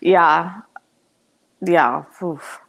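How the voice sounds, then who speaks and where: Chatty young woman, lower voice. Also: very slow, vocal fry, a bit bright. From United States. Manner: chatty, lots of "like" fillers, laughs often. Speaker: podcast guest, pro soccer player. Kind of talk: casual interview chat.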